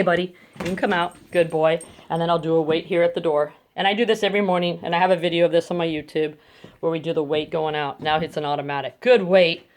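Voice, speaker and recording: A woman dog trainer explaining crate training step by step at home, switching to coaxing praise for her dogs, recorded on a phone. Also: low voice. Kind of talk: instructional demonstration. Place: home bedroom, indoors. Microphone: phone camera.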